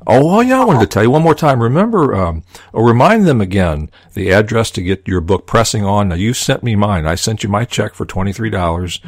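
Low-voiced guy hosting a radio chat, voice jumps all around, dry close sound. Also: very animated, fairly quick, no echo. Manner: warmly effusive, repeats words as he talks. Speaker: radio show host. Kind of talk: interview chat.

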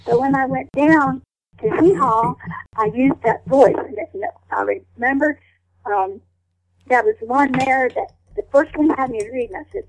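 An older woman being interviewed, telling lively stories and slipping into rough character voices. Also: high voice, measured pace, rough recording. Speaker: guest. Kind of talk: storytelling interview chat.

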